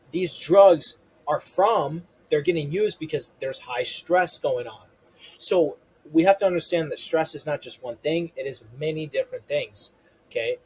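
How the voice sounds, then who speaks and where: A man with a voice pitched a little above the usual male range runs through a health lesson. His tone is husky rather than clean. He keeps checking in with "okay" and "you know" as he walks through each point. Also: rough recording. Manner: repeats "okay" and "you know" as fillers, explains step by step. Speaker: functional health coach. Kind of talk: explanatory health lesson to camera.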